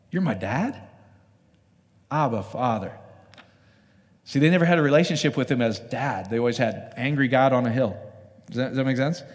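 A man's voice: mid-range voice, darkish tone. A man preaching a sermon in a loose, conversational way, often asking his listeners rhetorical questions. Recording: long reverb of a hall.

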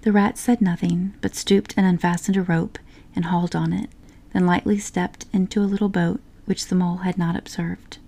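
Lady whispering a bedtime-style story slow and soft, kinda gravelly, mellow tone. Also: lowish voice, little pitch movement. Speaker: narrator.

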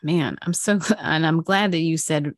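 A woman's voice: low voice, moderate pace. A woman hosting a faith-based podcast conversation, affirming her guest and talking casually with many "like"s. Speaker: podcast host.

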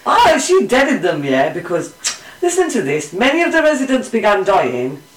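A woman co-hosting a casual true crime podcast, swearing a lot and jumping into loud bursts of outrage. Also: mid-range voice, huge pitch swings, normal speed, far from the mic. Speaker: podcast co-host. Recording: echoey room, voice a bit off-mic.

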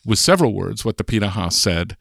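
A man's voice: lowish voice, sing-song, a little fast, creaky, a bit bright, no echo, clean studio sound. An American man, a guest linguist on a podcast, explaining ideas patiently and thinking aloud as he goes. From United States. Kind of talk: podcast interview.

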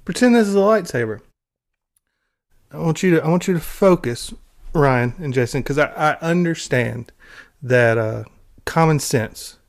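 Sarcastic ranting man, mid-pitched. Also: expressive. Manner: sarcastic, exasperated, mocking; halting restarts and repeated words. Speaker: film commentary vlogger. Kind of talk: ranting commentary.

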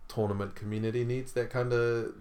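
A man's voice: mid-range voice, steady tone, fairly quick, darkish tone. A man, chatting casually about tournaments he runs, telling stories with lots of fillers. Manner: laid-back storytelling with many fillers and laughs. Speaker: tournament organiser. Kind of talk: casual chat.

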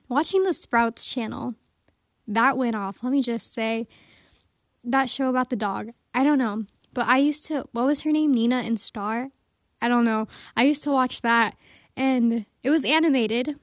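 A high-voiced teenage girl rambles casually with giggly asides, a little winded. She talks from under a blanket, so the sound is close and dead dry. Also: no room sound. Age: teens. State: slightly out of breath.

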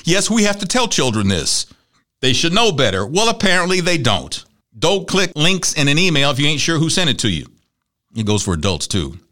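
A middle-aged man hosting a talk show, telling stories in a chatty, animated way and acting out the people he quotes. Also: a little high, normal speed. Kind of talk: conversational monologue.

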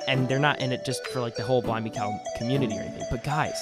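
A man's voice: mid-range voice, very fast, hardly any pauses, music in the background. A playful young man hosting a casual comedic podcast, joking around and telling puns. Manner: playful, jokey, freestyles and puns. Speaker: podcast host.

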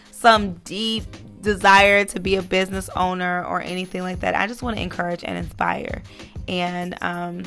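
A woman hosting her own podcast speaks in a mid-range, slightly bright voice. Her casual monologue is earnest, encouraging, and motivational, packed with fillers.

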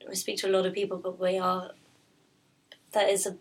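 A husky-voiced woman talks casually about her work, drifting and restarting her sentences and filling gaps with ums. Her pitch stays fairly flat throughout. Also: fairly quick. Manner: rambling, with many fillers and restarts. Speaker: pastry business founder, guest. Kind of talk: casual interview chat.

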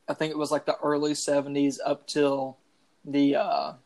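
A woman's voice: low-pitched, monotone, moderate pace, gravelly, a little mellow. A woman co-hosting a casual true-crime podcast, rambling with many fillers. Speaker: podcast co-host.

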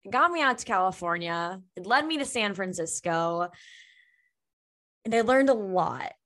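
Bright and pushed, with lively intonation, a medium pitch, and a normal speed, this young podcast host talks off the cuff. Her casual chat is emotional, full of laughter and free swearing.

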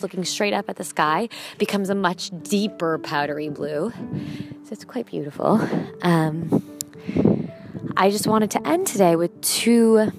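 A woman hosting her show, chatting casually and musing aloud as she walks outdoors beside a river, often correcting herself. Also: medium pitch. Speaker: podcast host. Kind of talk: casual walking monologue.

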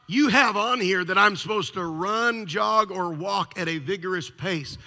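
A man's voice: sits high, measured pace, creaky, pushed and bright, voice pushed up, heavily acted. A preacher voicing an unfit male heart patient who pleads and protests with a stammer. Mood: pleading. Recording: long reverb of a large hall.

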